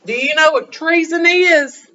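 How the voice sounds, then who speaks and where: A woman history teacher giving an animated classroom lecture, firing rhetorical questions at her students, in a dull lo-fi classroom recording. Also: high-pitched, measured pace.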